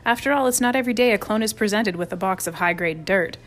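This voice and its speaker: A woman voicing a cool, scheming boy camper who speaks calmly and dryly. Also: medium pitch, fast, a little hiss or hum, natural voice. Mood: smug. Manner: calm, dry, sly.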